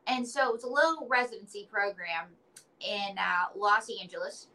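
A woman's voice: mid-range voice, moderate pace, sharp tone, low-quality recording. A woman being interviewed, chatting casually and telling stories with playful acted quotes. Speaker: interview guest, entertainer and author.

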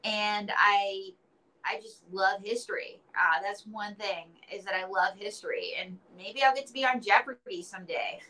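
A woman's voice: medium pitch, moderate pace, sharp tone, poor audio. A woman being interviewed, chatting casually and telling stories with playful acted quotes. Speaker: interview guest, entertainer and author.

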